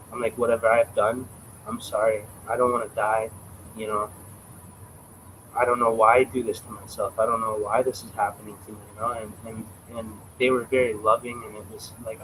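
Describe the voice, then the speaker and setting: A man in his twenties talks straight to his livestream, rambling and emphatic and swearing freely. His voice sits at an ordinary middle pitch. A faint hiss of noise runs underneath. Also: fairly bright tone, low-quality recording. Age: 20s. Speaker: livestream host. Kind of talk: casual livestream storytelling.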